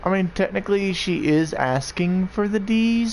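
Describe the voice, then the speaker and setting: A young man chatting casually with friends, reacting with slow, rambling, hesitant remarks. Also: high voice, animated, a little mellow, a little hiss or hum, poor audio. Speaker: gamer in a friends' voice chat. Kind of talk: casual chat.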